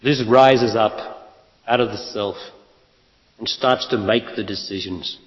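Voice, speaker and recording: A man's voice: lowish voice, takes it slowly. A man giving a spiritual talk to an audience, blunt and emphatic, asking rhetorical questions. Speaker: spiritual teacher. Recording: lo-fi echoey hall.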